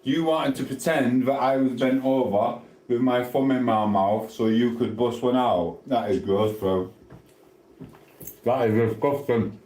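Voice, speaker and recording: A man's voice: mid-range voice, fairly even intonation, unhurried, a little mellow, slight background noise. A man chatting casually on a live stream, reading out viewer comments while he eats. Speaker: livestreamer. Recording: echoey room.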